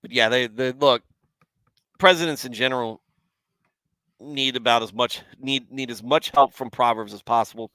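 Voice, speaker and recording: Gravelly man hosting rambling scripture talk. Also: mid-range voice, normal speed, long pauses, pushed and bright, no echo. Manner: rambling, self-deprecating, chats with viewers. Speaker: Bible commentary livestream host. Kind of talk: casual scripture commentary.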